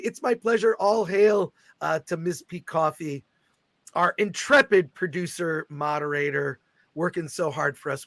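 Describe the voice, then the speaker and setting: A middle-aged man hosting a casual livestream chat, excitably reading viewer comments aloud. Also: fairly high pitch, a little slow, creaky, no room sound. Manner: excitable, reads viewer super chats aloud. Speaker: host.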